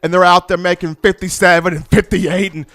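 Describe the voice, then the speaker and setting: A man giving casual, animated sports commentary and telling colloquial stories. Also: high-pitched, a little fast.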